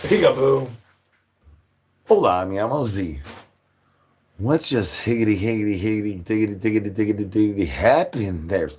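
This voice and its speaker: A man hosting a live stream, talking to chat in rapid rhyming nonsense banter. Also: lowish voice, darkish tone, slightly rough. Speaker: livestream host.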